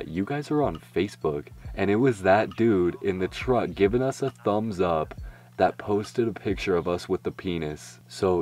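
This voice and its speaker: A man's voice: deep voice, darkish tone. A young man telling a crude, jokey story in a laid-back, casual way. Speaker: vlogger.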